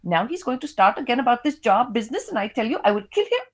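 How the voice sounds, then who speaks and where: A woman's voice: sing-song, fast talker. A woman voicing a furious, drunk middle-aged Indian mother who screams in an Indian accent. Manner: shrill, screaming.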